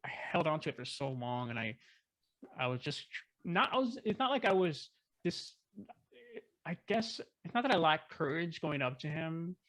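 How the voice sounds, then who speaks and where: A man chatting as an interview guest, telling a story in an excited, rambling way with lots of fillers. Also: a little high, moderate pace, no echo. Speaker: guest filmmaker. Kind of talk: casual storytelling.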